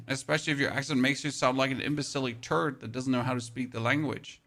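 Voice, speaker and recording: A man's voice: mid-range voice, brisk, fairly bright tone. A man with a German accent giving chatty, self-mocking commentary while streaming a game. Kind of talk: casual gameplay commentary.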